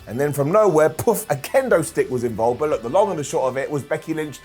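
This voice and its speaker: Over light background music, a man gives a sarcastic, jokey comedic recap of a wrestling show, mimicking people in mocking, funny voices. His voice is a little high and a little mellow, with lively intonation and a fast delivery.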